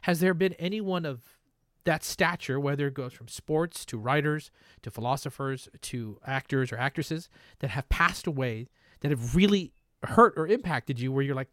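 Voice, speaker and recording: A man's voice: medium pitch, moderate pace, a bit bright, no echo, clean studio sound. A man hosting a casual podcast, joking around and then asking earnest questions. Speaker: podcast host. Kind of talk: casual chat.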